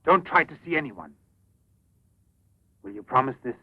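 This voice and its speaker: A man's voice: mid-range voice, lively intonation, moderate pace, no echo, close to an everyday voice. A man playing an obsessive, controlling scientist. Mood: coaxing. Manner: intense, pleading then commanding. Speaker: professor. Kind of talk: dubbed 1950s film acting. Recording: dull lo-fi old film soundtrack.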